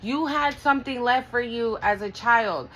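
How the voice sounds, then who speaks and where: A woman's voice: a little high, normal speed, noisy background. Blunt, profane woman reading tarot cards. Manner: blunt, profane, emotional and earnest. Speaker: tarot reader. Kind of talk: casual spiritual tarot reading.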